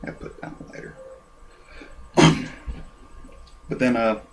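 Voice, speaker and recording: A man giving a casual, rambling review of an anime episode and clearing his throat often. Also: slow, slight background noise.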